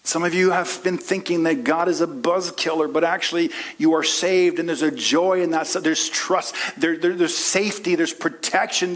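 A man preaching a sermon as pastor, rising into impassioned prayerful peaks and dropping to soft asides, calling the congregation honey and friends. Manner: impassioned preaching, swings from low and soft to high and loud.

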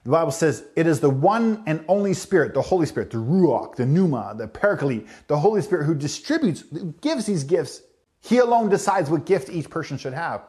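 A man's voice: fairly high pitch, darkish tone. A man preaching a sermon to his congregation, talking directly to them and acting out little asides. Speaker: pastor.

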